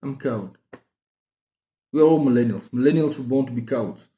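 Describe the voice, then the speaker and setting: A man's voice: medium pitch, expressive, a little fast, mellow. Rambling man, roomy echo. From South Africa. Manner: rambling, self-mocking, many restarts. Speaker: book vlogger. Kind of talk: casual book-haul chat.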